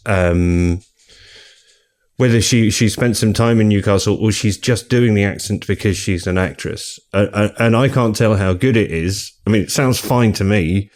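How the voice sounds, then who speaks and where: A man's voice: on the low side, a little mellow. A middle-aged man co-hosting a book podcast, chatty and rambling, laughing often. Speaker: podcast co-host. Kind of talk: casual chat.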